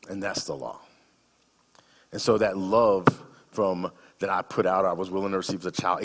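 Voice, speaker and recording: A man's voice: low-pitched, long reverb tail. A man in his fifties, a guest speaker giving a sermon in a conversational, humorous storytelling manner.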